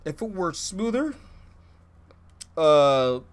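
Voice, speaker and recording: A man's voice: on the high side, big pitch swings, very slow. A man co-hosting a casual podcast, his voice swinging up and down as he talks. He is blunt, swears freely and laughs at his own jokes. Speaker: podcast co-host.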